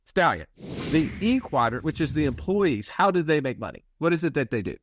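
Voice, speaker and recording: A man's voice: fairly high pitch, sing-song, brisk, background noise. A man hosting a podcast, talking casually and explaining ideas, often checking in with "right?". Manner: conversational, explains with repeated "right?". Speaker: podcast host.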